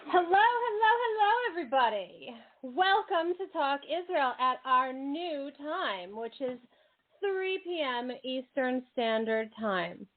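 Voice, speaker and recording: A bubbly, chatty woman hosting a radio interview, quick to laugh and exclaim. Her voice sits fairly high and comes through a thin, phone-like line. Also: big pitch swings. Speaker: radio show host. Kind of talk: casual interview chat.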